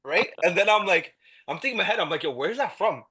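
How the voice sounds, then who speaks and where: A young man with a beard telling stories in a casual podcast chat, excitable, swearing and acting out quoted lines. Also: high-pitched, quick pace, breathy edge. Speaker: podcast guest.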